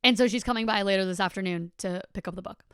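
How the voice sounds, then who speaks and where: Podcast host, woman in her twenties, chatty and casual, swears freely, smooth clear tone. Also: medium pitch, fast talker, a bit bright, no room sound, studio quality. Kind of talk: casual monologue.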